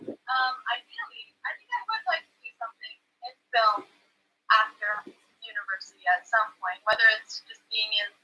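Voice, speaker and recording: A woman's voice: a little high, wildly swooping pitch, moderate pace, sharp tone, slightly rough, poor audio. A young adult woman chatting casually in a livestream Q&A as one of the film's actresses, talkative and full of "like" fillers. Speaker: actress in the film.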